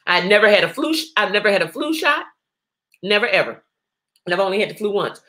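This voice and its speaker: A woman's voice: medium pitch, very animated, quick pace, pushed and bright. A woman hosting a live online talk show, chatting casually, reading viewer comments and laughing often.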